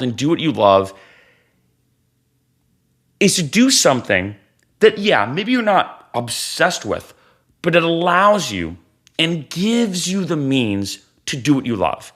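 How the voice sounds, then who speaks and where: Man, 30s, vlogger, lively up-and-down pitch, earnest advice, repeats for emphasis. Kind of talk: casual advice talk to camera.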